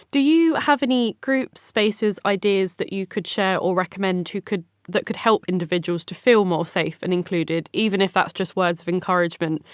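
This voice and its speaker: A woman's voice: fairly low pitch, smooth, dry recording, studio quality. Enthusiastic woman co-hosting a podcast. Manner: warm, enthusiastic, laughs often. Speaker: podcast co-host. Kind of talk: casual interview chat.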